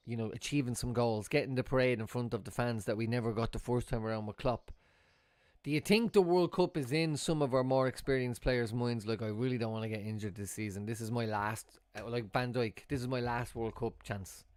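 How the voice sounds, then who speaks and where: A young man giving casual, excitable live commentary as a fan streamer watching a football match, swearing and breaking into loud outbursts. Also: mid-range voice, dry recording.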